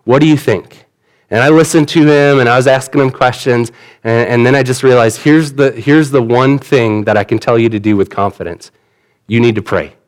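A man's voice: medium pitch, moderate pace. A man preaching a sermon in an earnest, conversational way, retelling the story in everyday words. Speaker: pastor.

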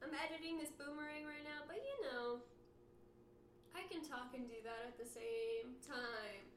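A nineteen-year-old woman co-hosting a podcast in casual, giggly chat with quick asides. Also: high voice, slight background noise. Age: teens. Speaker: podcast co-host.

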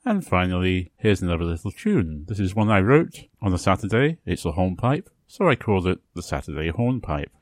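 Low-voiced man hosting a language podcast. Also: big pitch swings, no echo. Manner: explanatory, pronouncing example phrases slowly. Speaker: podcast host. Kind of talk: scripted educational podcast narration.

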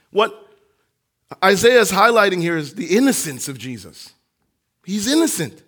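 Bright, high-voiced impassioned male preacher. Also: big pitch swings, a little slow. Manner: impassioned preaching, swinging from hushed to near-shouting. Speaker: pastor. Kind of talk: sermon.

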